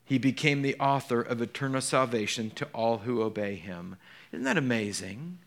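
A male pastor preaching a sermon in an animated way, moving between hushed and emphatic and putting questions straight to his congregation. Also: medium pitch, normal speed.

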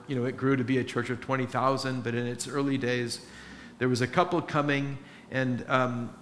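A man's voice: medium pitch, fairly bright tone, a little hiss or hum. A man preaching a sermon as pastor, earnest and rising into emphatic exhortation.

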